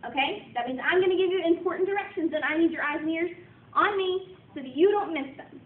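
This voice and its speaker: A young woman teacher with a high voice leads a classroom through call-and-response drills, upbeat and encouraging. She is heard from a distance in an echoey room on a thin, phone-like recording. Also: quick pace. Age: young adult. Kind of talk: classroom instruction, practicing routines. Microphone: distant camera mic.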